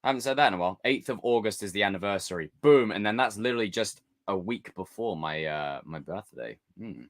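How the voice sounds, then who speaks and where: A man's voice: fairly low pitch, fast. A man hosting a casual live stream, chatting with his viewers and joking with them. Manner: animated, jokey, talks to chat.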